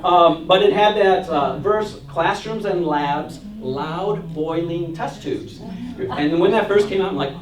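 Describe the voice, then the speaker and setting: Male church music minister, higher voice, jovial and chatty class lecturer, recorded far off the mic in a roomy hall. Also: a little slow. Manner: jovial and chatty, reads hymn verses aloud with laughs. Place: church meeting room.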